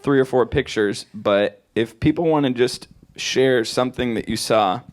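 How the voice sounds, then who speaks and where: A man who led the trip, presenting to an audience in a relaxed, good-humored way. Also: medium pitch, moderate pace. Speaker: trip leader.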